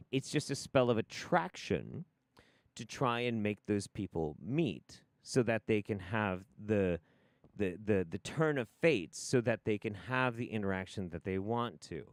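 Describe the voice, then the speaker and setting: A low-voiced man riffs through a livestream with a lot of profanity and wild swings in pitch. His commentary rambles from tangent to tangent, and the recording is close and dry. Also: expressive, unhurried, no echo. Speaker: livestream host.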